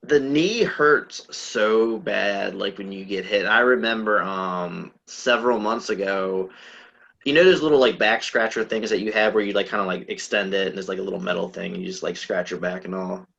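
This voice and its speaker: A man hosting a casual podcast chat, asking relaxed, rambling questions. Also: fairly low pitch, normal speed, creaky, muffled recording. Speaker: podcast host.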